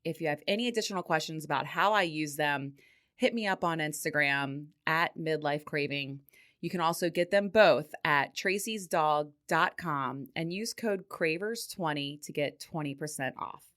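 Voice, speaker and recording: A woman's voice: low voice, normal speed, fairly bright tone. A middle-aged woman hosting a podcast, telling a story casually and swearing freely, with frequent laughter. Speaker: podcast host.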